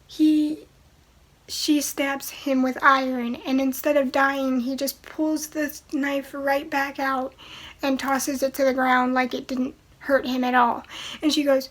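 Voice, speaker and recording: A woman with a high, bright-pitched voice talks through a movie in an unhurried, drawn-out way. She is chatty and opinionated, breaking into exasperated asides as she reviews it. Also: flat delivery. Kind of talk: casual film review.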